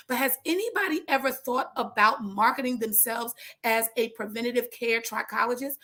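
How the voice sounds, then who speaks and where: A woman in her thirties talks casually to fellow trichologists, her voice sitting a touch high. She is animated and slangy, wanders off into jokes and asides, then comes back to her point. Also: moderate pace, few pauses. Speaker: trichologist giving business advice. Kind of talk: casual educational talk.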